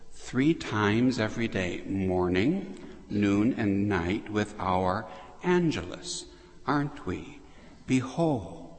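Priest, male, devout sermon delivery, unhurried Latin recitation, reverberant church. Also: lowish voice. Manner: slow, devout, reads Latin phrases then translates.

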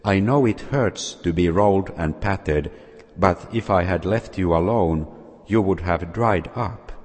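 A man voicing a patient, wise master potter who calmly explains himself. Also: sits low, unhurried, breathy edge. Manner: calm, explaining. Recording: long hall reverb.

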